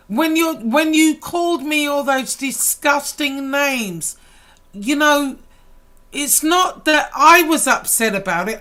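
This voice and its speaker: A woman YouTuber delivering a heated, profane rant to camera, swinging between loud outbursts and low, intense talk. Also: lively intonation, slow.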